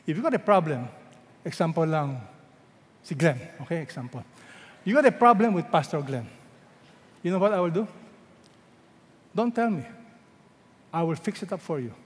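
High-voiced Filipino pastor preaching in a hall. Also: male voice, very animated. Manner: calls out questions for the congregation to answer; slows right down when quoting scripture. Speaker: senior pastor. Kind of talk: sermon. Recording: hall with long reverb.

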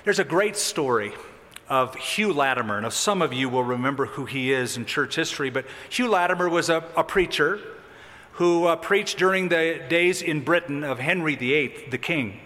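A man delivers a sermon in a fairly high voice, with theatrical swings between emphatic bursts and quiet, low asides. The sound carries a long reverb tail, as in a large church sanctuary. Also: normal speed. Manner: animated, dramatic with sudden drops. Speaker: pastor.

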